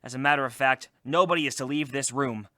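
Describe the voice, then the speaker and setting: A man's voice: medium pitch, fast talker, sharp tone, no echo, natural voice. A young man playing a blunt, impatient detective in a student sketch comedy. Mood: stern. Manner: curt, snapping.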